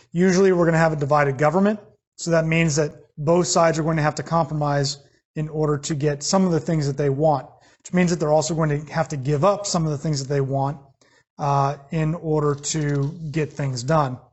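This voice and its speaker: Husky American man teaching a lesson. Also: a little high. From United States. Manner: plain explanatory, with fillers and restarts. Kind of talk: recorded class lecture.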